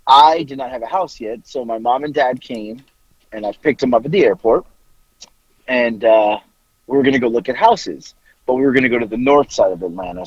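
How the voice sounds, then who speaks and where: A man's voice: mid-range voice, a little mellow, breathy edge, no echo, highs cut off. A man in his forties telling a long, profane story in a rambling, casual way on a podcast. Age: 40s. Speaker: podcast co-host.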